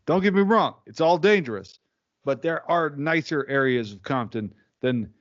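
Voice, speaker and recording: Male co-host, wry banter, mid pitch, slightly dull lo-fi sound. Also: expressive, moderate pace. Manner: wry, laughing banter with short interjections. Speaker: podcast co-host. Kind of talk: casual comedy podcast chat.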